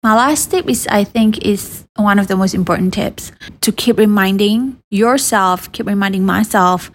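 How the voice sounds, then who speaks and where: A woman's voice: medium pitch, normal speed. A woman in her thirties with a Malaysian English accent, giving casual advice in a chatty vlog and slipping Malay words into her English. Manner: chatty, mixes Malay into English, sighs and restarts. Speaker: vlogger.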